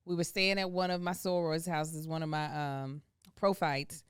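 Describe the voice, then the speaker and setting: Lower-voiced woman, casual podcast co-host. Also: fairly even intonation, normal speed, clear, resonant tone, no echo, studio quality. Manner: chatty storyteller, teasing and laughing. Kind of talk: casual chat.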